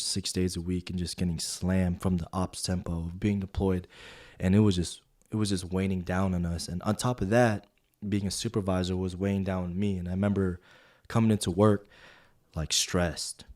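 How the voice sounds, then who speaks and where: Low-voiced man telling an animated story. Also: normal speed. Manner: animated, acts out quoted dialogue with filler words. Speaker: podcast co-host. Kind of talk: casual storytelling chat.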